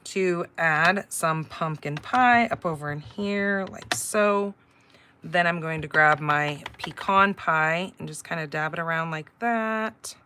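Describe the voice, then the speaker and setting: A middle-aged woman talks through a live paper-craft demonstration in a bright, forceful voice. She chats casually, drifts into rambling personal stories and fills pauses with "um" and "like". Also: sits low, a little hiss or hum. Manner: chatty, rambling storyteller with filler words. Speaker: card-making class host.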